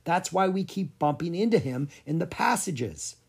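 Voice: medium pitch, lively intonation, moderate pace, breathy edge, voice pushed up. A storybook reader voicing a brave, eager young boy prince who speaks with determination.

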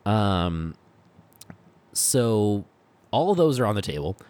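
A man's voice: fairly low pitch, big pitch swings, slow, a little mellow, dry recording. A man co-hosting a casual chat, enthusiastic and joking, rambling with fillers. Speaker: podcast co-host.

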